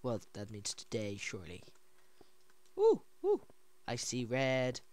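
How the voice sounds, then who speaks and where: Giggly let's play commentator, voice wearing hoarse, swings in pitch, dry close sound. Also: slow pace, no echo. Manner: excitable, giggly, reads signs aloud. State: voice going hoarse. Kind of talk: casual gameplay commentary.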